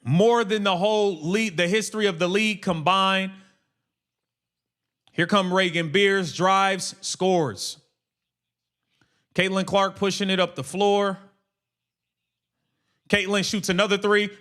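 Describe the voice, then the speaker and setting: A man's voice: sits high, steady tone, takes it slowly, long pauses, fairly bright tone. Slangy man ranting over a live game. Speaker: live stream host. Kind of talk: casual live watch-along commentary.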